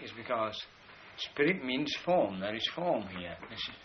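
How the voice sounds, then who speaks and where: A man's voice: mid-range voice, sing-song, measured pace, a crowd in the background. A man giving a rambling philosophical lecture, pointing to drawings as he explains. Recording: dull lo-fi recording with faint hiss.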